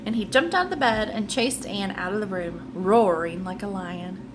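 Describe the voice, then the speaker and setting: A woman's voice: mid-range voice, moderate pace, background noise. A woman reading a children's book aloud, adding chatty asides between passages. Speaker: storybook reader.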